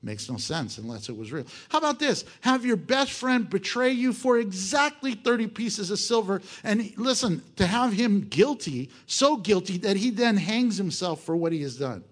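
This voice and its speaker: A male pastor preaching a sermon in an animated, joking way, firing off rhetorical questions. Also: high voice, moderate pace, few pauses.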